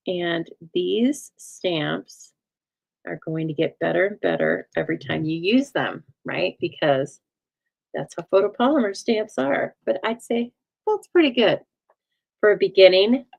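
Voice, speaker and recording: A woman's voice: lowish voice, gravelly, low-quality recording. A woman hosting a live card-making stream, talking in a chatty, folksy way and answering viewer comments as she works. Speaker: craft show host.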